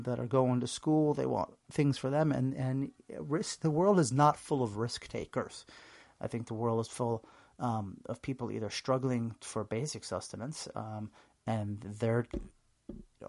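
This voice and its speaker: Rambling, gravelly-voiced comic man. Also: mid-range voice, no echo. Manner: rambling, self-mocking, many fillers and restarts. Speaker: interview guest. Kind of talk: rambling comedic answer.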